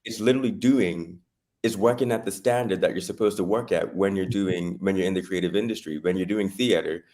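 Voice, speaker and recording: A man's voice: sits low, fairly quick, mellow. A man, co-hosting a talk show, who talks emphatically and repeats his short phrases in playful banter. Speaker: co-host and theater actor. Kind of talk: casual studio banter.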